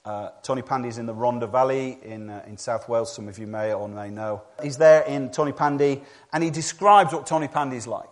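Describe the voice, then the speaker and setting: A man preaching in a church, his voice sitting at an ordinary middle pitch. He moves between quiet, low stretches and loud, emphatic climaxes, often repeating a phrase to drive it home. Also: fairly quick, few pauses. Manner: dramatic, swinging from hushed low passages to loud emphatic peaks. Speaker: pastor. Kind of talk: sermon.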